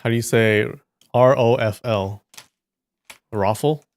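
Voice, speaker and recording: A man's voice: mid-range voice, steady tone, measured pace, no echo. A man hosting a live stream, chatting casually with viewers and joking and teasing with frequent laughs.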